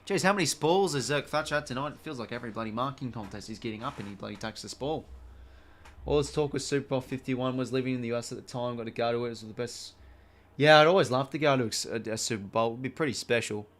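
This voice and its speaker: A man's voice: mid-range voice, quick pace, a bit bright. A young adult man with an Australian accent, hosting a live watch-along stream in a rambling, chatty way, swearing freely as he calls the play and chats between passages.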